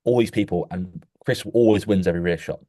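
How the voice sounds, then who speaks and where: A man's voice: deep voice, quick pace, no echo, studio quality. A young man co-hosting a podcast, telling a long anecdote in casual chat with lots of restarts and "mate". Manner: animated storyteller, many restarts, keeps saying "mate". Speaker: podcast co-host.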